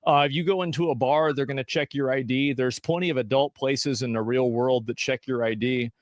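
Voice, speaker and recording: A man's voice: mid-range voice, fairly even intonation, a little fast, dry recording, clean studio sound. A man in a played stream clip, talking in a blunt, self-assured way. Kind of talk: casual streaming talk.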